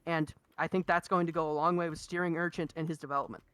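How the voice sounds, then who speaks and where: High, bright young male co-commentator. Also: steady tone, quick pace, clear, resonant tone, dry recording. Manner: enthusiastic, analytical, talks in rhetorical questions. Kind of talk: live-stream esports draft commentary.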